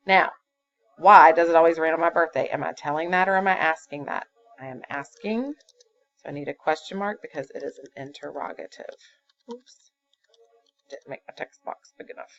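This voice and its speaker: A woman's voice: low voice, animated, normal speed, vocal fry, a bit bright. A woman teaching a fifth-grade grammar lesson, patient and explaining step by step with fillers. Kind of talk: recorded classroom grammar lesson. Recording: dull lo-fi computer recording.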